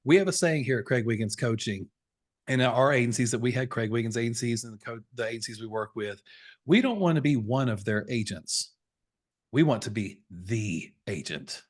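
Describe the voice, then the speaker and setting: A man's voice: mid-range voice, animated, moderate pace. A man around forty, coaching insurance sales over a video call in a folksy, fired-up, preachy way. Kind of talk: energetic webinar training talk.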